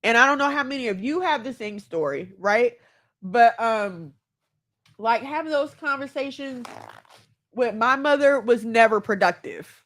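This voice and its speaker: Speaking a little slowly in an expressive, fairly bright, higher voice, a woman in her thirties hosts a podcast. She talks to listeners frankly and feelingly about family and loving herself.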